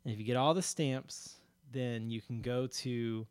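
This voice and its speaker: A man's voice: mid-range voice, steady tone, measured pace, smooth, no echo. A man chatting casually as a podcast co-host, telling a story in a rambling way with many fillers and restarts, laughing often.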